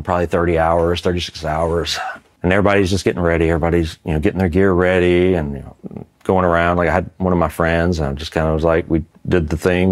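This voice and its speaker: A middle-aged man from Mississippi, an Army veteran telling a war story in a casual, rambling interview, full of fillers. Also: low-pitched.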